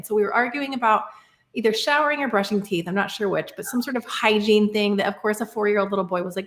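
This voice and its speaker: A woman's voice: medium pitch, fast, echoey room. A woman in her thirties, a podcast guest talking through a personal story in a reflective, casual way, often saying "like" and "right?". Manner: reflective, many fillers like "like" and "right?".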